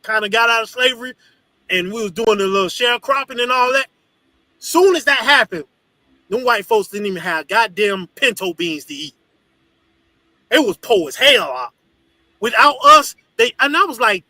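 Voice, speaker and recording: A man teaching a congregation in an animated, profane, storytelling preaching style. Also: very high-pitched, normal speed, no echo, low-quality recording. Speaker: religious teacher.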